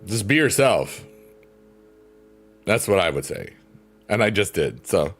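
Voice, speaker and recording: Goofy middle-aged man, slow lively talk. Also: sits low, breathy edge. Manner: goofy and joking. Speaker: livestream host. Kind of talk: casual livestream chat reading comments. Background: soft piano music.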